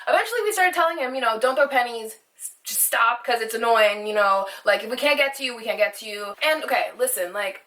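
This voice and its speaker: A woman's voice: on the high side, expressive, fast talker, sharp tone, distant mic. A young woman telling a heated, rambling storytime to her phone camera, swearing constantly. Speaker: vlogger. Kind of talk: storytime vlog.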